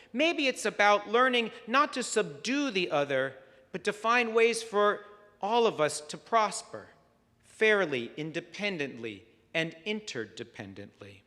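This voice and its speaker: A man preaching a sermon as rabbi, measured and reflective, weaving stories into his message. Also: high voice, big pitch swings, bright, forceful tone. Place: synagogue sanctuary. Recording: long hall reverb.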